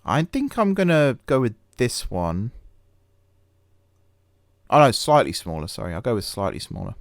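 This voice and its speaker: A man's voice: mid-range voice, huge pitch swings, moderate pace, no room sound, studio quality. A man hosting a gaming channel, chatting casually over a management game, rambling and poking fun at himself with many fillers and restarts. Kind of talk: casual let's-play commentary.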